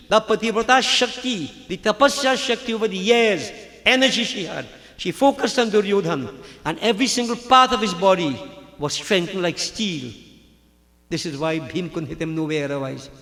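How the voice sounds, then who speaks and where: Male pandit, high voice, storytelling sermon, hall reverb. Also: fairly bright tone. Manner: dramatic storyteller acting out scripture characters. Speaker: pandit preacher. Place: large hall at a religious gathering.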